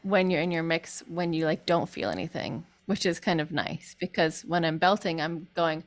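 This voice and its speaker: A woman's voice: deep voice, moderate pace. A woman vocal coach giving a chatty online group singing lesson, breaking into sung demonstrations.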